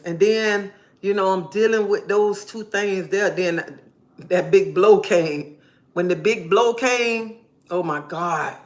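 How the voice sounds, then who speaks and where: A woman live streamer giving an emphatic personal testimony, repeating phrases in a preacherly way. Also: fairly low pitch.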